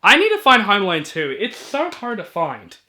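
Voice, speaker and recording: A man reviewing movies in a casual video, chatty and enthusiastic, with filler ums and quick asides. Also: sits high, huge pitch swings, sharp tone. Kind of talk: casual collection walkthrough.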